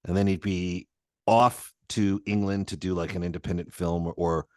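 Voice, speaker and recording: Guy with a really low voice hosting, rambly stories, dry close sound. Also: steady tone, normal speed, no echo. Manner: rambling anecdotes, laughs often, swears. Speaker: podcast host. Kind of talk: casual interview chat.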